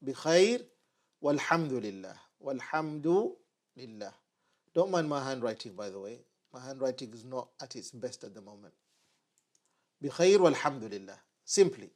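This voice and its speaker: A man teaching a language lesson at a board, patiently repeating short phrases slowly so learners can follow. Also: mid-range voice, sing-song, darkish tone. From United Kingdom. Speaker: Arabic teacher. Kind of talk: online lesson at a whiteboard.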